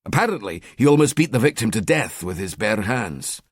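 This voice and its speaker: A man's voice: lowish voice, big pitch swings, fairly quick, breathy edge, dry recording, studio quality. A man voicing a cheeky, sardonic male police detective in an audiobook. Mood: wry. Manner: wry, chatty.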